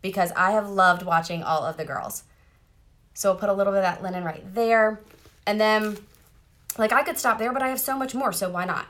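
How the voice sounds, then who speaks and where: A woman's voice: mid-range voice, a little fast, a bit bright. Bubbly woman chatting through makeup. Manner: chatty, bubbly, talks straight to viewers. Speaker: makeup seller doing a live demo. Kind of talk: casual live-stream makeup tutorial. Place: parked car.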